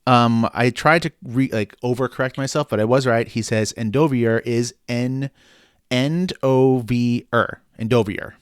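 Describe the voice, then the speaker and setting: A man's voice: mid-range voice, fairly even intonation, normal speed, hardly any pauses, clear, resonant tone, no room sound, studio quality. Joking male podcast co-host. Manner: joking, bro-ish banter. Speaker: podcast co-host reading listener email. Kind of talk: casual chat.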